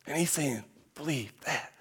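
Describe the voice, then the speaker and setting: A man, a pastor and father, preaching an impassioned verse-by-verse sermon, shouting much of it and then dropping to a low voice. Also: a little slow, breathy edge. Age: young adult or middle-aged parent.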